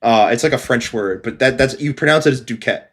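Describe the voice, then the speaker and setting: A man's voice: medium pitch, fast talker. A young man co-hosting a podcast in casual, joking chat, blunt and often swearing. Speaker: podcast co-host and game developer.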